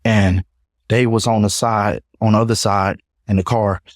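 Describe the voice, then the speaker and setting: A young man, a podcast guest, telling his own story in a casual, animated way and acting out what others said. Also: fairly low pitch, normal speed, dry recording, studio quality. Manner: animated retelling, acts out others' voices.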